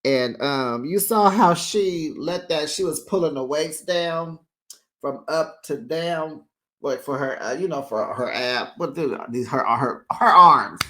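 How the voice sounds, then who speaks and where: A host recapping a reality show in a casual, chatty way, with playful shade and lively asides. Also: mid-range voice, measured pace. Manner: animated, chatty, playfully shady.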